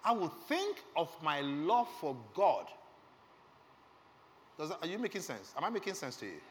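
Earnest preacher with lively swings. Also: male voice, fairly high pitch, moderate pace. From Nigeria. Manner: earnest, emotional storytelling, asks the audience questions. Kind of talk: sermon testimony. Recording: reverberant hall with faint background noise.

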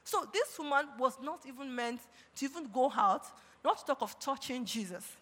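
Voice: high voice, expressive, normal speed, a bit bright. A preacher giving a sermon, reading scripture aloud and breaking in again and again with calls of praise. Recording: long reverb of a large hall.

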